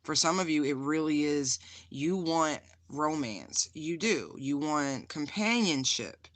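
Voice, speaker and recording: A tarot reader speaks directly to the camera in a chatty, loose style, full of "um"s and "like"s, and calls viewers "honey" while holding up a stone to show them. Her mid-range voice is bright and forceful, with lively intonation and a slow pace. The recording is dry and close, with no room echo, for this casual spiritual card reading.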